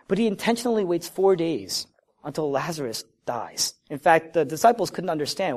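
Animated male preacher, rising and falling. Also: a little fast. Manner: animated preaching, rising loud for emphasis and dropping low and quiet. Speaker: pastor. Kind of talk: sermon.

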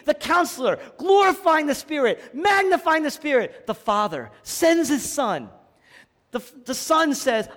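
Fervent male preacher in a reverberant church. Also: fairly high pitch. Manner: dramatic swings between shouting and hushed delivery, rhetorical questions. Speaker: pastor. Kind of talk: sermon. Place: church sanctuary. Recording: long hall reverb.

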